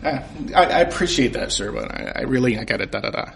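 A man's voice: mid-range voice, expressive, fast, gravelly, a bit bright, a little hiss or hum, pitched below the performer's own voice. A man voicing a flustered, stammering young female cashier in a comic story. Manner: hesitant, stammering, polite.

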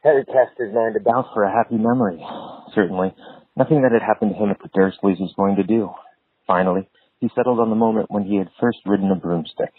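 A man reading a novel aloud in a steady storytelling way, heard over a tinny phone line. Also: fairly low pitch, fast talker, slightly rough, dry recording. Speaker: reader.

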